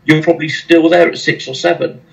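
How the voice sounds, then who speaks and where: A man's voice: a little high, fairly even intonation, brisk, gravelly, poor audio. A male podcast host talking casually and wryly about running a site.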